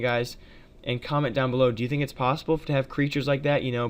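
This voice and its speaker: Male gaming video creator, casual talk, smooth clear voice, mid pitch. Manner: chatty, addresses viewers as guys, many fillers. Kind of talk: casual gameplay commentary.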